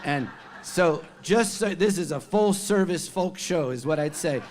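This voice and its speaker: A man's voice: a little high, animated, measured pace, a little mellow. A man who is a folk singer-songwriter, chatting on stage between songs at a live venue and telling a story with self-deprecating humor. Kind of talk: live concert stage banter. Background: acoustic guitar.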